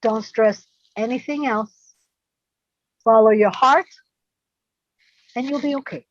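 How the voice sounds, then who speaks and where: A woman guest on a video call interview, warm and effusive, dropping in Spanish words. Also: on the high side, takes it slowly, no echo, muffled recording. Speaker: guest influencer.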